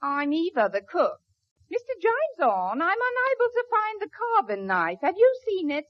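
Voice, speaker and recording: A woman's voice: extremely high pitch, huge pitch swings, normal speed, dry recording, exaggerated voice. A woman playing a sly, wisecracking cook suspect in a 1940s radio comedy sketch, melodramatic in manner. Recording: dull 1940s radio recording with studio audience.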